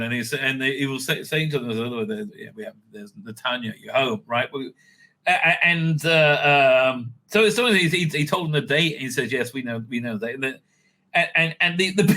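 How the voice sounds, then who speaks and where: A man hosting a casual monologue, rambling with many restarts and sudden excited bursts. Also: on the high side. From Israel. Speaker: host.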